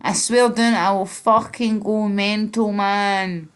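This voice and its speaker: A woman doing a loud, swearing, hot-tempered young man. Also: mid-range voice, fairly even intonation, slow pace, clean tone, close to an everyday voice. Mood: angry. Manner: shouty, swearing, threatening.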